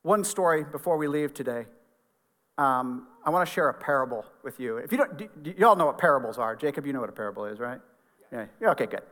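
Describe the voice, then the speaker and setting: A man's voice: mid-range voice, expressive, fast, a bit bright, long reverb tail. A middle-aged man, a pastor, giving an earnest, conversational sermon in a church sanctuary.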